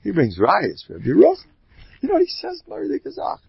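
A man, giving an animated Torah lecture. His gravelly, husky voice swings widely in pitch as he tells stories. The recording is dry and dull, lo-fi. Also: fairly quick, dry recording. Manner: animated storyteller, jumps between Hebrew terms and English slang. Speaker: rabbi giving a class.

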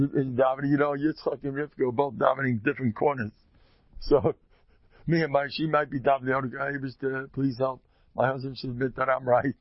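A man with a Yeshivish, Yiddish-flavored accent gives an informal religious talk, full of jokes and little acted-out exchanges. His voice sits in a middle pitch and leaps high when he stresses a point. The recording is dry and slightly dull. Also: dry recording. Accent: Yeshivish English, Yiddish-peppered. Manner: animated, joking, acts out little dialogues. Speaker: speaker giving a Torah talk.

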